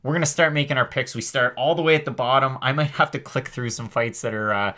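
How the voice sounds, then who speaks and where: An upbeat man hosts a live fight-preview stream, rattling through viewer comments with quick, chatty energy. His voice is bright and forceful, sitting at an ordinary pitch for a man. He keeps things loose and casual, full of "um"s and restarts. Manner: energetic, rapid, chatty with many fillers. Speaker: host of a live MMA show.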